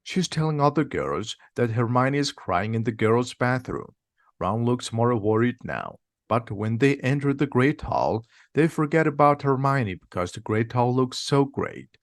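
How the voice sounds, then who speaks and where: A man narrates a simplified audiobook in a steady, plain reading. His voice sits at an ordinary middle pitch. The recording is dry and close. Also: measured pace, no echo. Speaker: reader.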